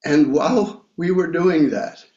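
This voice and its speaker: Slow, reflective male preacher in echoey room. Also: on the high side, a little mellow. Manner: slow, reflective, with frequent pauses and fillers. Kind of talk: sermon, Bible reading and personal story. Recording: echoey room, slightly dull sound.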